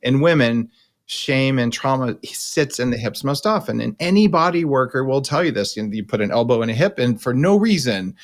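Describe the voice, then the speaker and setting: A man's voice: mid-range voice, lively intonation, normal speed. A man hosting a podcast, explaining things bluntly and emphatically in a casual coaching conversation.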